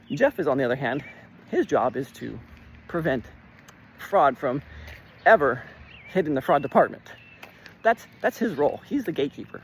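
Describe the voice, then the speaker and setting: Animated, swearing real estate investor. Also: male voice, fairly high pitch, moderate pace, pauses often, a little hiss or hum. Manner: animated, swears when worked up, lots of "like". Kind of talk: casual storytelling vlog.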